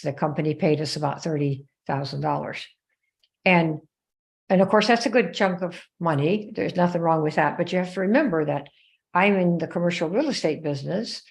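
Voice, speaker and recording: Lower-voiced woman hosting a live stream. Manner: conversational, checks in with viewers by name; acts out quoted dialogue in her own voice. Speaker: live show host. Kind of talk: live-streamed storytelling to viewers.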